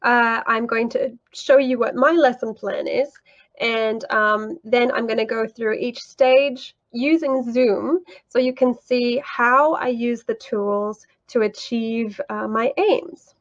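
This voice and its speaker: A woman, an English teacher, walking through her lesson plan and online classroom tools in a clear, explanatory way. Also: on the high side, steady tone, slow, highs cut off.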